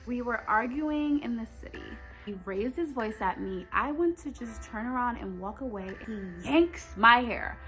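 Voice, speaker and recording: A woman's voice: on the high side, expressive, normal speed, few pauses, a bit bright, soft background music. A young woman telling a personal story in a storytime vlog, talking straight to her viewers with emphasis. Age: young adult.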